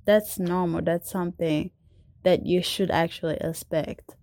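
A young adult woman with a foreign accent answering interview questions in a slow, deliberate way. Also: lowish voice, steady tone, a little mellow, no echo, clean studio sound.

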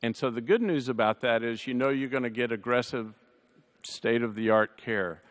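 A man speaking on a panel, telling a personal family story in a conversational way, with dry humor, his voice softening at the sad moments. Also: medium pitch, moderate pace. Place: large chapel. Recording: long reverb of a large hall.

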